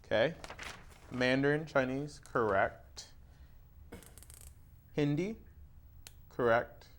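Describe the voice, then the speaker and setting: A relaxed young man runs a small quiz show, reading answers out at an unhurried pace. He laughs easily between results. A faint room ambience sits behind his voice. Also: medium pitch, slight background noise. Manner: relaxed, laughs often, hums a tune. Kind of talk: casual game show hosting.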